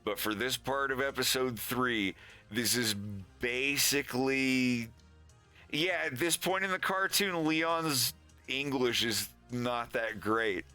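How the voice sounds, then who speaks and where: A man's voice: medium pitch, slow, pushed and bright, smooth, soft background music. A man in casual stream chat, rambling and laughing often as he talks through his cartoon. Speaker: animator streaming.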